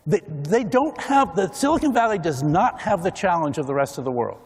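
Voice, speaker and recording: Man, conference keynote, animated, high voice, big echoing hall. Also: a little fast, breathy edge. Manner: animated, acts out other people's voices. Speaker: keynote speaker.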